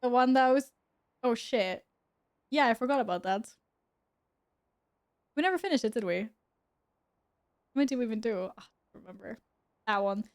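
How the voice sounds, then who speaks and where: A young woman chatting casually with her viewers while gaming at home, giggling and talking to her cat. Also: a little high. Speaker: streamer. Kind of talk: casual gaming stream chat.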